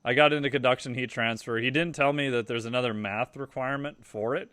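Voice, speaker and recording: A man's voice: medium pitch, fairly even intonation, fast talker, fairly bright tone, dry recording, clean studio sound. A man, a podcast guest, telling loose, profane stories in a casual interview.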